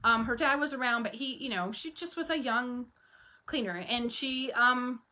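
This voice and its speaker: In a casual to-camera talk, this woman gives coaching on running a cleaning business through lively stories, playing out snippets of dialogue in a frank, firm way. She speaks at normal speed with a slightly high voice.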